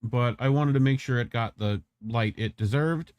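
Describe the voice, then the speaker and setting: A man's voice: medium pitch, normal speed, a little mellow, clean tone, no room sound. A man casually commenting on clips in a loose, joking, profane manner. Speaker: show host reacting to clips.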